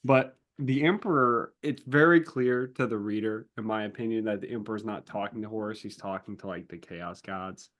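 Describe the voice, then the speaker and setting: A man co-hosting a podcast, talking casually about a book, retelling scenes with lively acted-out quotes and the odd swear word. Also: fairly low pitch, moderate pace, few pauses. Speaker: podcast co-host.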